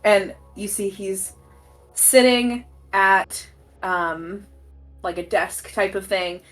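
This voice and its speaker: A woman's voice: medium pitch, takes it slowly, faint music behind. A woman narrating as game master in a tabletop game, casual and full of fillers.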